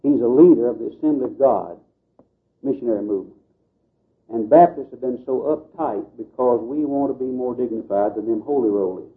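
A man's voice: medium pitch, fairly quick. A man giving an earnest, preacherly talk to a group, with folksy asides. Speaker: Baptist missions speaker. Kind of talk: lecture to a group. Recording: tinny phone-like old tape recording.

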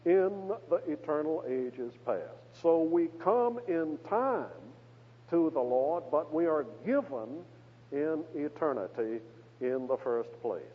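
A man preaching an expository sermon, measured and emphatic when he quotes scripture, with a husky voice. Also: a little high. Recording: reverberant hall on a tinny, narrow-band radio broadcast.

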